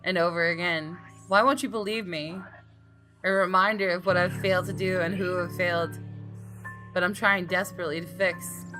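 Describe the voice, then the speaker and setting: A tense young man tells his own story from inside his head, as a woman reads his narration aloud in her own voice. The voice sits low for a woman but rings bright and forceful, with a faint bed of music underneath. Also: fairly even intonation, moderate pace, poor audio. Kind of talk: reading a visual novel aloud.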